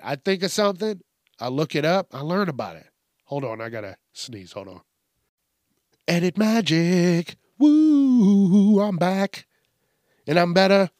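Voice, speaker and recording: Male podcast host, early-morning rasp, profane and animated solo rant, dry close mic. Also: dry recording. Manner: profane, animated, mimics people in high yelps.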